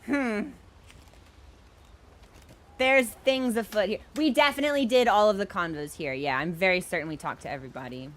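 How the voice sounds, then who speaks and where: A woman's voice: medium pitch, moderate pace, pauses often. A young woman streaming a video game, chatting in a playful, giggly, rambling way. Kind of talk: casual gaming stream chat.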